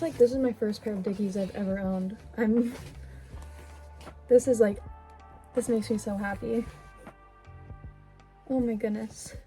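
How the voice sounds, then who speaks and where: A woman's voice: fairly high pitch, mellow, poor audio. A young woman vlogging at home, unboxing gifts in a gushing, chatty way with lots of fillers and little apologies. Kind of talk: casual vlog unboxing. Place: indoors at home.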